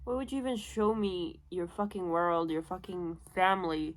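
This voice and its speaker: A young woman vlogging her reactions to a book, emotional and swearing freely, moving between loud outbursts and low muttering. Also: moderate pace. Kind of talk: casual reading vlog reaction.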